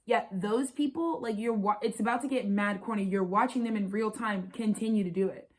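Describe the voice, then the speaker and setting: A young woman in her twenties rants through an unscripted spiritual vlog, her speech fast, profane and emphatic. She circles back to repeat her points, piling on "baby" and "like" as she builds momentum. Her pitch sits in an ordinary middle range for a woman. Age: 20s. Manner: rapid, profane, emphatic and repetitive. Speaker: astrologer and spiritual channeler.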